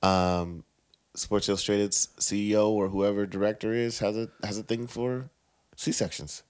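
A young man in casual chat, blunt and profane, quick to laugh. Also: fairly low pitch, fairly even intonation, a little mellow, clear, resonant tone. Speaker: podcast co-host.

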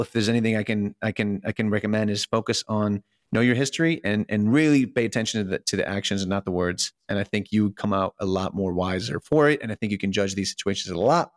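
A man's voice: fairly low pitch, no room sound, clean studio sound. Earnest man with frequent restarts. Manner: earnest, many restarts and fillers, rhetorical questions. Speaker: podcast co-host. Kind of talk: casual podcast discussion.

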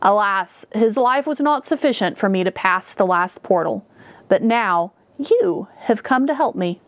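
A towering male shadow monster speaks in a dry, slithery croak, cruel and sly, as a woman reading the story puts him on. The recording is dull and close, with no room sound. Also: medium pitch, expressive, a little slow, no room sound, natural voice. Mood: menacing.

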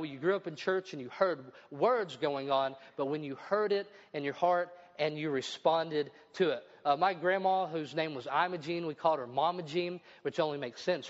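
A middle-aged pastor preaches in a church. His voice sits a little high for a man, and it rings with long reverb through a slightly dull, muffled recording. He works through scripture aloud and breaks in with his own homely asides. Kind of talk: sermon. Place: church building.

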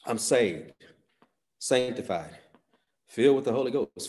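Dynamic male preacher, loud peaks and soft drops. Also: fairly low pitch, expressive, measured pace, long pauses. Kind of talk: sermon.

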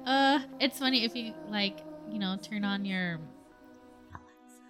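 A woman's voice: medium pitch, unhurried, music in the background. A woman co-hosting a casual podcast chat, talking loosely with lots of fillers and easily spooked. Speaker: podcast co-host.

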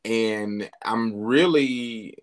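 A man hosting a podcast in a casual, heartfelt chat, speaking candidly and getting animated as he recounts his own thoughts. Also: on the low side, drawn-out words, a little hiss or hum. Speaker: podcast host.

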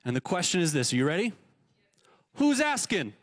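A man with a notably high voice preaching in a church, speaking casually and often stumbling over repeated words. The sound is dry and close. He throws rhetorical questions at the congregation as he goes. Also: animated, very fast, no room sound. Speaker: pastor. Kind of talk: sermon. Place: church sanctuary.

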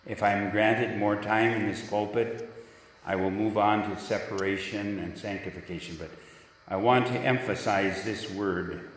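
A man's voice: on the low side, steady tone, a little slow. A man preaching a sermon as pastor, with emphatic delivery that repeats key words. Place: church. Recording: echoey church hall from far off.

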